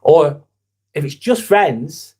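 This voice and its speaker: A man's voice: on the high side, animated, slow pace, darkish tone, breathy edge. A young man hosts a casual live vlog, talking in an earnest, rambling way and swearing casually. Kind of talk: casual live-stream chat.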